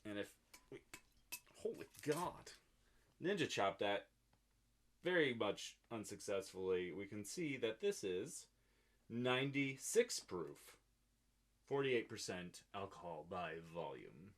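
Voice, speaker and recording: A man's voice: lowish voice, very animated, takes it slowly, long pauses, a bit bright. A man co-hosting a casual drinking show, joking around and laughing often. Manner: playful, laughs often, reads labels in a mock voice. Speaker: podcast co-host.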